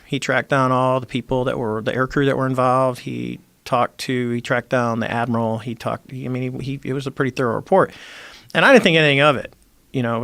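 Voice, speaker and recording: Gravelly man telling a story. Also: mid-range voice, no echo. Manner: animated, acts out quoted dialogue. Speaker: podcast guest, former Navy squadron commander. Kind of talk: conversational storytelling. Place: podcast studio.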